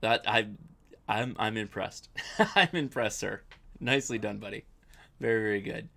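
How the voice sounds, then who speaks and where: A man's voice: on the low side, level tone, normal speed, vocal fry, sharp tone. A young adult man hosting a casual live-stream Q&A, chatty and rambling, often correcting himself as he answers viewer questions.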